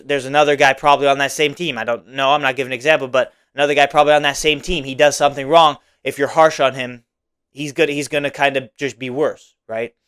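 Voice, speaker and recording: A man's voice: medium pitch, fairly bright tone, clear, resonant tone. A young man hosting a solo podcast, talking casually and rambling, with many "like"s and "right?"s. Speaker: podcast host.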